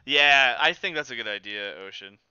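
Brief: male streamer, lively up-and-down delivery, very bright edge, sarcastic and self-mocking, faint music underneath. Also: mid-range voice, normal speed, clean tone, highs cut off. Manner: self-deprecating, sarcastic, frustrated. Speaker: game streamer. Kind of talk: casual speedrun commentary.

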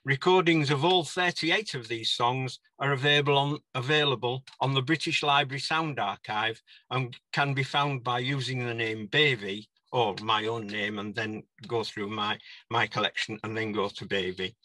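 A man's voice: medium pitch, normal speed, few pauses, bright, forceful tone, no echo. An older man giving a conference talk on folk song collecting, now and then singing short verses in a put-on country dialect. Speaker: conference speaker. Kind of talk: presentation on folk song research.

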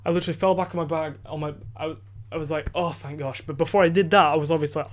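A teenage boy rambles through a story on his home podcast, speaking quickly in a slightly high voice. He restarts sentences constantly, leans on "like" and "you know", and swears without thinking. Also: level tone. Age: teens. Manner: rambling, many fillers and restarts, swears freely. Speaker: podcast host. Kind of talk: casual storytelling. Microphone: desk microphone.

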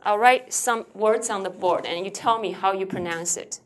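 A woman's voice: mid-range voice, normal speed. A woman lecturing a university class, switching between Mandarin with a Taiwanese accent and English, quizzing students as she explains. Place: lecture hall.

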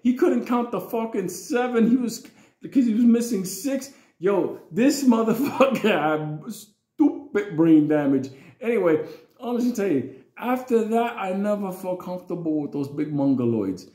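A man telling a childhood story in a rambling, profane, animated way. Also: high voice, unhurried, reverberant. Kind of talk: casual storytelling vlog.

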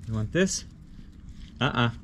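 A man, a dog trainer, explaining his method while giving gentle short commands and praise. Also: mid-range voice, animated, unhurried, slight background noise.

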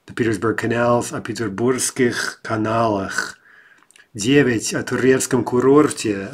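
Patient man teaching a grammar lesson. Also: mid-range voice. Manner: patient, explanatory, frequent "right?" and "uh". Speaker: language teacher.

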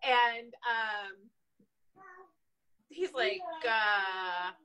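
A woman, an animal control officer, telling a story from her work in an animated, casual way, laughing often. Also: fairly high pitch, very slow, a little hiss or hum, rough recording.

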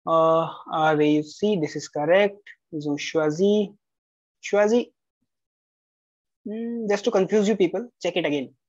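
A French tutor goes over a student's homework aloud, bluntly calling answers right or wrong, repeating the rules, and spelling out letters. The voice is medium-pitched and darkish, unhurried with long pauses, with no room sound. It's a slightly dull lo-fi recording.

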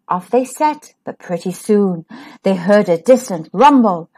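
Expressive woman reading to children. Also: medium pitch, a little slow, husky. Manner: expressive and sing-song. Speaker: children's storyteller. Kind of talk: reading a picture book aloud.

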